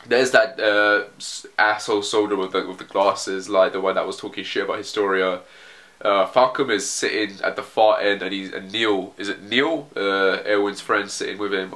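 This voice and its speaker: A man's voice: fairly low pitch, steady tone, normal speed, bright, forceful tone. A man casually commenting on a manga chapter as he reads, rambling and swearing, with frequent restarts. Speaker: manga reaction video host.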